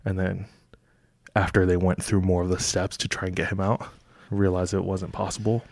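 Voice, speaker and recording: A man with a fairly low voice talks through a story in a loose, casual podcast chat. He fills gaps with "like" and "you know". The sound is dry and close to the mic. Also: little pitch movement, normal speed, vocal fry, no echo. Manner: laid-back storytelling with many fillers. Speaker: podcast co-host.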